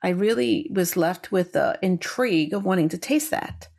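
A woman's voice: on the low side, lively intonation, moderate pace, vocal fry, darkish tone. A woman with a New York accent, chatting casually with her co-host and playfully defending herself. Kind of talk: casual chat.

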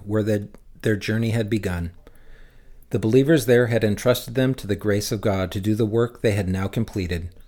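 A man with a fairly low voice reads scripture aloud for his church. His delivery is measured and steady, and he slows down on key phrases. It sounds like a scripted daily reading. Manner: lifts his voice for shouted lines in the text. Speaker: Bible reader for a church.

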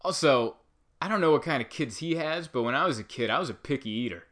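A man delivering a rambling comedic monologue, animated and full of asides. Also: medium pitch, quick pace.

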